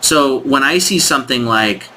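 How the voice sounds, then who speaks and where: A man's voice: medium pitch, normal speed, bright, forceful tone, slight background noise. A man coaching on sales in a casual screen-share walkthrough, thinking aloud with frequent restarts and frank critique. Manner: frank, critiques scripts directly.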